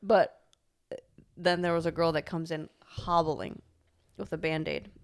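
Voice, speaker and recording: A young woman co-hosting a podcast, telling a story in animated casual chat, full of "like" and laughter. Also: deep voice, measured pace. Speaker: podcast co-host.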